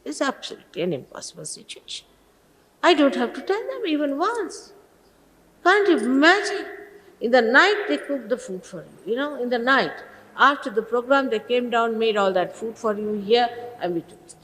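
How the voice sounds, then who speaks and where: A woman's voice: fairly high pitch, big pitch swings, normal speed, a bit bright, long reverb tail, rough recording. A woman in her sixties, a spiritual teacher sternly scolding a gathering of followers with exasperated rhetorical questions, on an archival talk recording. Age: 60s.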